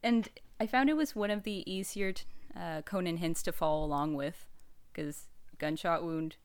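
A woman's voice: fairly low pitch, moderate pace, clear, resonant tone. Playful woman co-host who laughs easily. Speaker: podcast co-host. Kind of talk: casual chat.

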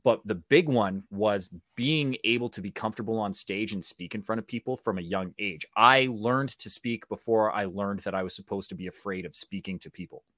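A man with a Canadian accent, a guest telling stories in casual talk, animated and acting out voices as he goes. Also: lowish voice, normal speed, few pauses, dry recording, studio quality. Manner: animated, acts out voices in anecdotes. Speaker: guest, actor and speaking coach. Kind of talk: casual storytelling.

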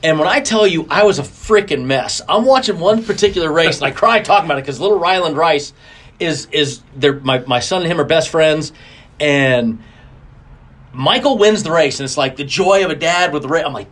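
A middle-aged man, a racing driver guest, telling stories in a casual interview, animated and acting out quotes with big jumps in his voice. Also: fairly high pitch, normal speed.

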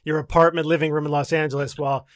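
A man co-hosting a podcast, chatting casually and teasing his co-host with quick interjections. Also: on the high side, level tone, no echo, clean studio sound. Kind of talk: casual chat.

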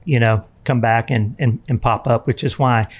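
A middle-aged man, a songwriter guest on a podcast, telling anecdotes in a relaxed, easygoing way. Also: mid-range voice, normal speed, breathy edge. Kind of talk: casual podcast chat.

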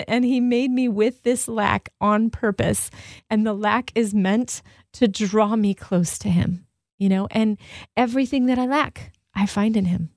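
A woman's voice: mid-range voice, unhurried, a little mellow, no room sound. A woman co-hosting a radio show, chatting expressively and laughing easily from a studio mic. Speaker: radio co-host. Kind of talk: casual radio chat. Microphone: studio microphone.

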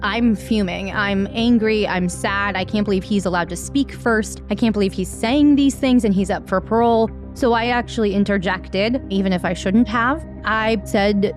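Woman, earnest personal testimony, candid and emphatic, even mid-range voice, faint music behind. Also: mid-range voice, moderate pace, hardly any pauses. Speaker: victim advocate telling her own story.

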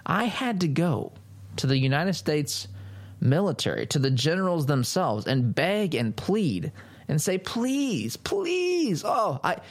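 A whiny, self-pitying female politician, as a man mockingly puts her on, begging in a high, quavering falsetto. She pleads and whimpers in a sarcastic parody. Her voice jumps far above the speaker's usual pitch. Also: big pitch swings, slow, heavily acted. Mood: mocking whine.

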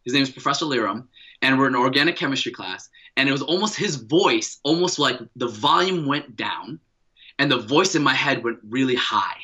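A man's voice: medium pitch, brisk, bright, forceful tone, slightly rough, muffled recording. A man in his thirties, a podcast guest, telling a personal story with energy, slang and many repeated words.

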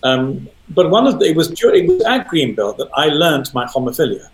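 A man's voice: a little high, very animated, a little fast, echoey room, poor audio. An older man in casual chat, hesitant and repeating words, with wry asides. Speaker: panelist. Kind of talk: conversational commentary.

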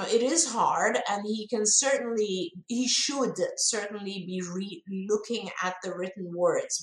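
A woman co-hosting a live question-and-answer show, giving parenting advice in a conversational way with many fillers and restarts. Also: mid-range voice. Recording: roomy echo.

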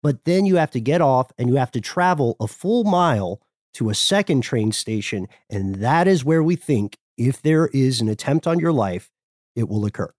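A man co-hosting a casual history podcast, his voice moving widely in pitch as he tells the story with animated enthusiasm. The sound is close and dry. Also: normal speed, dry recording. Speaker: podcast co-host.

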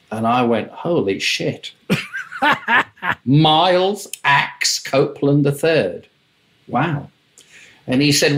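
An older man, a music manager, telling wry, lively anecdotes in an interview and acting out the voices in his stories. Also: medium pitch. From England. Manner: wry, lively raconteur, mimics voices in quotes.

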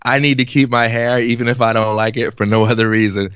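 A young man in his twenties telling an animated, laugh-filled story in casual podcast chat. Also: mid-range voice, quick pace, smooth, no echo, studio quality.

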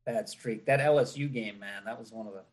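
A man's voice: on the low side, fairly quick, husky. A man visiting a podcast as a guest, chatting in an easygoing way and laughing often. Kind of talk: casual chat.

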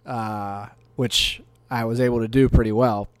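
Man from north carolina, middle pitch, dry close recording, rambling storyteller. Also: steady tone, measured pace, clean tone, no room sound. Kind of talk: casual chat.

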